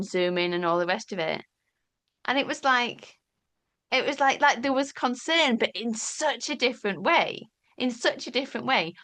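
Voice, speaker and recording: A woman talking candidly as an interview guest, animated and storytelling, casually swearing and acting out quoted dialogue. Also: a little high. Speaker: podcast guest.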